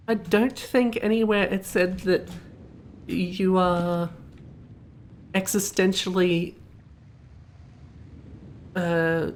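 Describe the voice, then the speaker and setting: A woman's voice: mid-range voice, slight background noise. Rambling, joking woman streamer. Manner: rambling, self-amused, punny. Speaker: game streamer. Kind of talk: casual commentary while playing.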